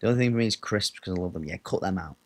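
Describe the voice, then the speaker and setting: A man's voice: low voice, rapid-fire, a little mellow. A man with an English accent chatting casually with his viewers as a gaming streamer, rambling and answering the chat.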